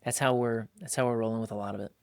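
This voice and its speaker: A man in his forties, a father and podcast host, telling family stories in a lively casual way and laughing often. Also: on the low side, very fast, vocal fry, smooth, no room sound, studio quality. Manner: animated storyteller, often laughing. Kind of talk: casual chat.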